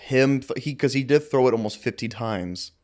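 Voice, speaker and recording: A young man co-hosts a casual sports podcast, swearing freely and talking trash with a brash edge. His pitch sits in an ordinary middle range. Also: moderate pace. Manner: brash, profane trash talk. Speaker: podcast co-host.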